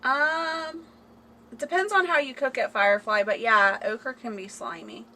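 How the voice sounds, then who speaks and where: Bright-voiced woman chatting on a livestream. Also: sits high, normal speed, poor audio. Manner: chatty, laughing, reads viewer comments aloud. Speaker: livestream host. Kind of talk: casual livestream chat. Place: home, indoors. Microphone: phone camera.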